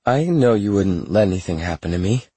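A carefree young woman who teases and coaxes without apology, as a male narrator puts her on. Her voice sits well above his own deep tone, with a husky edge. The audiobook recording is close and dry. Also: animated, a little fast, mellow, no echo. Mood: coaxing. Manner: coaxing, unapologetic.

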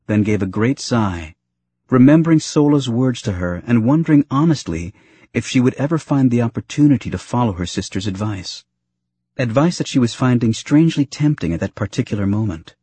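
A man narrates a novel in a measured, steady storytelling manner. His voice sits low with a husky texture. The recording is dry and close. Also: no echo. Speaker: audiobook narrator. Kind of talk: scripted narration.

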